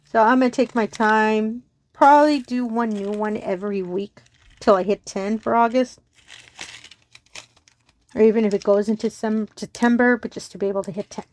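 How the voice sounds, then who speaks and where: Bubbly woman, slightly high voice. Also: darkish tone. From Texas. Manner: bubbly, giggly, apologetic and rambling. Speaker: crafting channel host. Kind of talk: casual chat to viewers.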